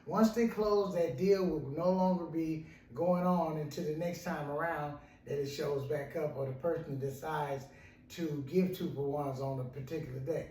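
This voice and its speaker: A male counselor tells a story in a meandering, repetitive way, frequently tacking on "right?" His voice sits a little high, with a dark, steady tone at a normal speed, and the distant mic picks up a roomy echo.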